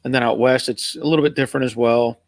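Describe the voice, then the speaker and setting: A man's voice: mid-range voice, fairly even intonation, fast talker, no room sound. A middle-aged man from Pennsylvania with an American accent somewhere between Northern and Southern US, hosting a live stream in casual, rambling chat and reading out viewer comments. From Pennsylvania, USA. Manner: rambling, easygoing, chuckling.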